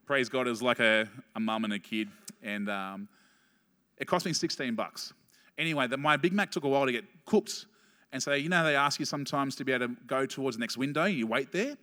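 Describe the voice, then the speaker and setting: Pastor preaching in a reverberant hall. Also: male voice, fairly high pitch. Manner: animated storytelling, quick asides and self-deprecating laughs. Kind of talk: sermon. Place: church hall. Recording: long reverb of a church hall.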